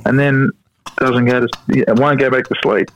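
A man in his fifties with an Australian accent, talking as a podcast guest and telling family stories, sometimes mimicking his small children in a high voice. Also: steady tone, normal speed. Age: 50s. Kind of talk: casual interview chat. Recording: slightly dull podcast audio.

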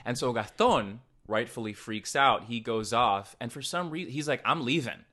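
A man co-hosting a podcast, casually retelling a horror film's plot in an animated way and quoting its characters. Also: normal speed. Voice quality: deep breather. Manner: animated retelling with quoted voices. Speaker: podcast co-host. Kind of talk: casual chat recapping a film.

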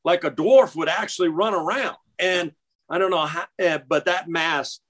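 A middle-aged man, an interview guest, reminisces in casual storytelling, often stumbling, restarting, and repeating words as he searches for the thread. His voice is pitched slightly above usual, fairly bright, at a normal speed.

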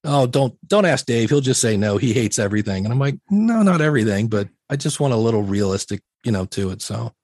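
A man's voice: medium pitch, animated, brisk, few pauses, a little mellow, dry recording, studio quality. A middle-aged man talking candidly as a podcast guest, telling stories in a self-deprecating way with many restarts. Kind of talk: casual interview chat.

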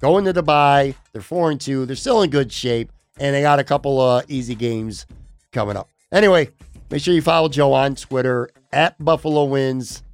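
A man hosting a podcast in casual chat, talking with a voice going hoarse after being sick. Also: mid-range voice, normal speed, no room sound, soft background music. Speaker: podcast host.

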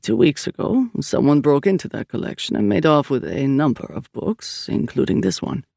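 A man reading an audiobook, voicing a deep-voiced, older male priest who explains things in a measured, calm way. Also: gravelly, no echo, clean studio sound.

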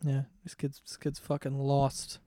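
A man's voice: mid-range voice, completely flat delivery, measured pace, mellow, no echo, clean studio sound. Crude, joking young man on a podcast. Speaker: podcast host. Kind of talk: casual chat. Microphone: studio mic on stand.

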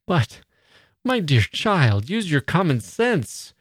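A man's voice: mid-range voice, animated, unhurried, no room sound, clean studio sound. A man reading aloud, voicing a poised upper-class mother who talks in an airy, condescending way.

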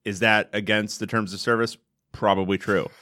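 A man's voice: fairly low pitch, flat delivery, moderate pace, bright, forceful tone. A man in his thirties co-hosting a podcast in a studio, with dry, wry humor. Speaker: podcast co-host. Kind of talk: casual podcast chat.

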